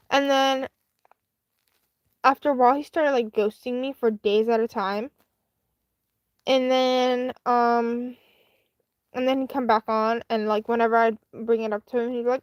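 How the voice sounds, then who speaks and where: Rambling woman with a slightly high voice. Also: no room sound, clean studio sound. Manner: rambling, lots of fillers and restarts; chatty and candid. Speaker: live-stream host. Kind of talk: casual live-stream storytime.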